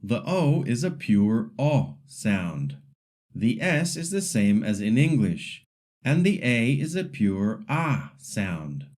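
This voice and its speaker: A man leads a scripted pronunciation lesson at an unhurried pace, with a mellow voice. His pitch moves freely up and down as he models each word clearly for students to repeat. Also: sing-song. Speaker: Spanish pronunciation teacher.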